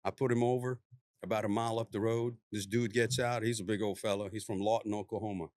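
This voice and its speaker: A police officer telling a story in casual conversation, laid-back and drawling, lively as he acts out the people in it. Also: on the low side, quick pace, no echo, clean studio sound. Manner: animated, acts out the people he quotes in a raised voice.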